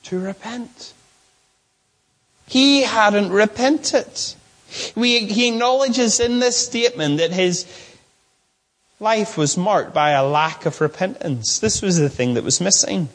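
Earnest high-voiced man preaching. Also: unhurried. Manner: earnest, questioning the audience, emphatic. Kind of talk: expository sermon.

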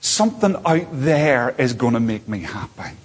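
Husky-voiced male preacher giving a sermon. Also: mid-range voice, sing-song, moderate pace, in a large hall. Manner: earnest, repeats phrases, swings between soft and lifted emphasis. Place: church platform.

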